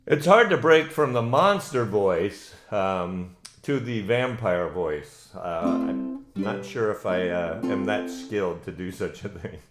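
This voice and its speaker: A man's voice: on the low side, animated, slow, soft background music. A man hosting a live online ukulele lesson, chatty and encouraging, with many ums and uhs. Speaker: ukulele teacher and host. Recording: roomy echo with ukulele playing.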